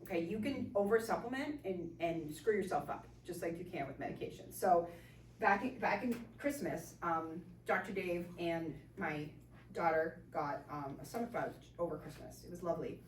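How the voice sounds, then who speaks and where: A female chiropractor gives a casual, chatty presentation to a small live group in a room, using lots of fillers. Her voice is on the low side at normal speed, sounding distant in an echoey room with a little hiss or hum.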